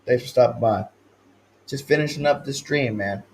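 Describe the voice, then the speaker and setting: A man's voice: normal speed, gravelly, a little hiss or hum, low-quality recording. Hyped-up sports stream host, man. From California. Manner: hyped, swings between loud shouted chants and low mumbled asides; slangy, repeats catchphrases. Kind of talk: livestream sports talk.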